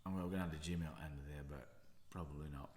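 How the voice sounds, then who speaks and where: A man who is a damp and mould specialist, reading out a news story and commenting on it in unhurried asides with frequent self-corrections. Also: very deep voice, fairly even intonation, a little mellow. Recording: roomy echo.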